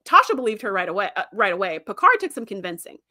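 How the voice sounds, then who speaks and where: A woman hosting a livestream, chatting about a TV series in an animated, casual way and laughing often. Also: mid-range voice, fast. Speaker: livestream host. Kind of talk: casual fan commentary.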